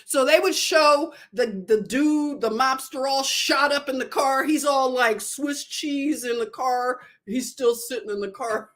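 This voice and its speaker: Chatty Philly woman, slow and digressive. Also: high-pitched, fairly bright tone. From Northeast Philadelphia. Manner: chatty, digressive, loses her thread. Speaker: nurse livestreamer. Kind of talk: casual livestream storytelling.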